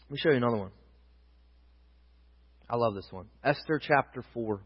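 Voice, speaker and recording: A man preaching a sermon, retelling scripture as a story with dramatic swings between loud emphasis and hushed asides. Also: medium pitch, normal speed, breathy edge. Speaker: pastor. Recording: dull echoey hall, long reverb.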